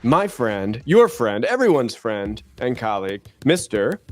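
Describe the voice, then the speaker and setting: A man's voice: mid-range voice, big pitch swings, a little slow, darkish tone. A man with an American accent hosting a casual school-district podcast in a jokey, upbeat, self-deprecating way, with faint music behind him. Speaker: podcast host, school superintendent.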